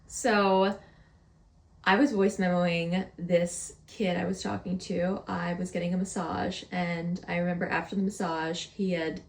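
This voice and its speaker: Young female podcast host with a playful storytelling drawl and a slightly gravelly voice, recorded in an echoey room. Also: on the low side, little pitch movement. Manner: playful, drawls words out slowly for effect. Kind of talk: casual storytelling monologue.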